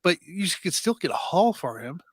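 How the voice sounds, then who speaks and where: A man's voice: high voice, sing-song, a little fast, breathy edge, no room sound. A man as a guest on a sports podcast, easygoing and chatty. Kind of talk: casual sports chat.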